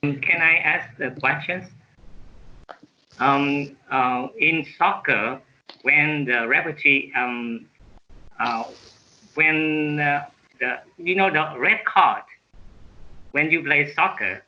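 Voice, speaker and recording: A man's voice: fairly high pitch, takes it slowly, pauses often, pushed and bright, muffled recording, slight background noise. A man learning English who answers and asks questions in class, hesitating often and searching for words.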